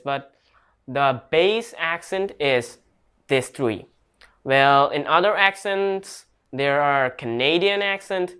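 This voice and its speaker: Slow, smooth-voiced man teaching English. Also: fairly high pitch, sharp tone. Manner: slow, hesitant talk with restarts; non-native grammar. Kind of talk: casual online lesson.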